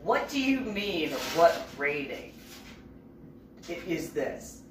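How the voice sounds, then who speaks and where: A woman's voice: lowish voice, sing-song. A woman doing an exasperated schoolboy. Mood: incredulous. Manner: incredulous, drawn-out exclamations. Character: exasperated schoolboy, incredulous and teasing. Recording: roomy, distant mic, noisy background.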